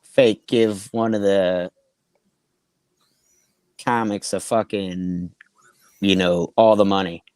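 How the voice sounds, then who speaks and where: A man's voice: low voice, steady tone, slow, long pauses, a little mellow, clear, resonant tone, no room sound. A young man who is a comedian, telling rambling, profane anecdotes in casual chat and acting out the quotes. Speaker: comedian, podcast co-host.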